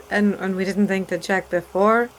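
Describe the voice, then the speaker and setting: A woman's voice: medium pitch, fairly even intonation, unhurried, a crowd in the background. A woman playing in a tabletop game, chatty and full of questions. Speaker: player. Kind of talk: casual tabletop chat.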